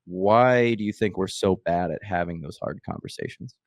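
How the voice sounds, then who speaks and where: Deep-voiced podcast host, dry sound. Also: male voice, moderate pace, dry recording. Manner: rambling, filler-heavy questions. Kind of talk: casual interview chat.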